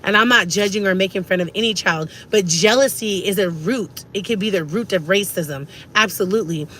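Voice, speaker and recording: Heated woman ranting, bright voice. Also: mid-range voice, a little fast, slight background noise. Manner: heated, emphatic, repeats herself. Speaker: vlogger. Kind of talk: ranting to camera.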